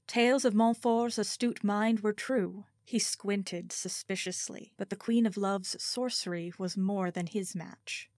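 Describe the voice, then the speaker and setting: A woman reads a first-person story aloud in a measured, expressive way. Her pace is unhurried and her pitch sits mid-range. The recording is dry, with no room echo. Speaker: audiobook narrator. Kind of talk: scripted story narration.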